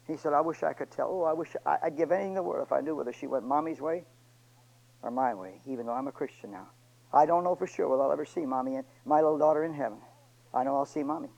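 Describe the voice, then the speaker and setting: A man preaching a sermon and retelling a story, pleading with his church and swinging between loud and hushed delivery. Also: medium pitch, fast, vocal fry, highs cut off.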